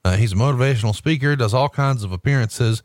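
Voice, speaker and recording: A man co-hosting a podcast in casual chat, blunt and profane, with animated banter. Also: medium pitch, fast, no echo, studio quality. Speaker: podcast co-host.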